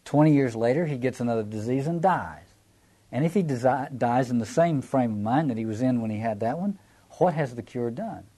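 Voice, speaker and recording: A man's voice: mid-range voice, expressive, a little fast, dark tone. A man teaching a Bible passage in a reflective lecture, often restarting phrases and repeating words as he explains.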